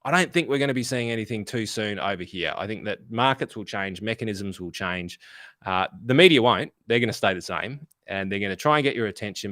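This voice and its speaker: A man's voice: fairly low pitch, expressive, fairly quick, fairly bright tone, no room sound, studio quality. An Australian man co-hosting a finance podcast, talking bluntly and swearing freely in casual chat. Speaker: podcast co-host.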